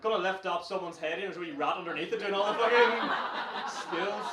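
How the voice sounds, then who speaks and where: Brash Northern Irish comedy MC, high voice. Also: male voice, brisk, heavy background noise. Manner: brash, teasing, swearing, laughing often. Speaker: comedy club MC. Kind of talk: stand-up crowd work. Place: comedy club stage, indoors. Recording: roomy live club sound from far off with loud audience. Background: audience laughing and cheering.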